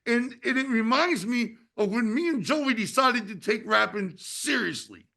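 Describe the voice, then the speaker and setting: A man's voice: very high-pitched, lively intonation, moderate pace, vocal fry, sharp tone. A man in his fifties hosting a casual talk show, speaking with passion and frequent swearing, often asking "you know what I mean". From United States. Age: 50s. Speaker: podcast host and wrestling promoter. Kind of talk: casual chat.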